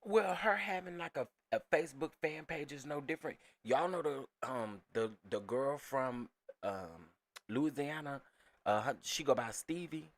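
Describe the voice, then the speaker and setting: A man's voice: fairly high pitch, animated, measured pace. A man hosting a casual reaction commentary, talking emphatically to his viewers and repeating phrases. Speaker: commentary channel host.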